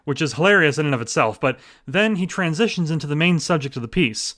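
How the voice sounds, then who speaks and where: A man's voice: a little high, fairly bright tone. A man in his thirties hosting a podcast, chatting enthusiastically about stories he enjoyed and joking at his own expense. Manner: enthusiastic, chatty, self-deprecating. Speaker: podcast host. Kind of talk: casual podcast recommendations.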